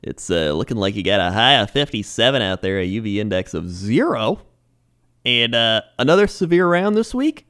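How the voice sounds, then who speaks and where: A man's voice: on the low side, animated, moderate pace, pushed and bright. Laid-back, joking man on a podcast. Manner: laid-back, joking, frequent laughs and fillers. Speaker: co-host doing mock weather and sports reports. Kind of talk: casual comedy podcast banter.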